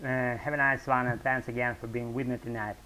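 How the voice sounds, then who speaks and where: A man from Russia with a Russian accent, speaking English as a second language in a casual, halting monologue to camera, full of fillers and restarts. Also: medium pitch, little pitch movement, bright, forceful tone, poor audio. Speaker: English-learning vlogger. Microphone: talking-head camera.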